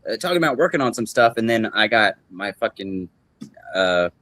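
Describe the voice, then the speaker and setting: A man's voice: fairly low pitch, big pitch swings, normal speed, fairly bright tone, dry recording. A young man talking loosely and at length as a guest on a podcast, full of slang, restarts and laughter. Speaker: guest musician. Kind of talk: casual podcast chat.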